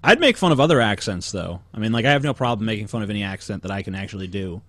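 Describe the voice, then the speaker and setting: A man's voice: on the low side, expressive, racing, dry recording. Ranting, profane podcast host man. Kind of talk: casual podcast commentary.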